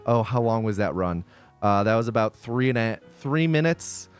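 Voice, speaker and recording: A man's voice: lowish voice, lively intonation, normal speed, clean tone, faint music behind. A male streamer in casual livestream chat, rambling and insistent, repeating himself as he makes his points.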